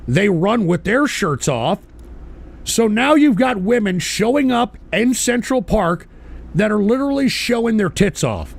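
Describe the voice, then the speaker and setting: A man hosting a radio show, ranting angrily and profanely with bursts of shouting while he smokes. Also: sits high, gravelly. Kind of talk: ranting monologue.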